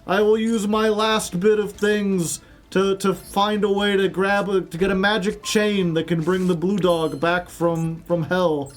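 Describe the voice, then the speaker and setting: A remorseful red dog creature, played by a man in a storybook-style tale, voice pushed up high and drawn out. He swears a solemn vow with a hangdog earnestness. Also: steady tone, unhurried, hardly any pauses. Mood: ashamed.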